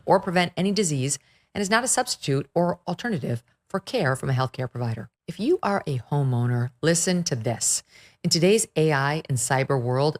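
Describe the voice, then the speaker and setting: A woman podcast host reading sponsor ads and then chatting and teasing her guests, laughing often. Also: low-pitched. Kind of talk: casual chat and read ads.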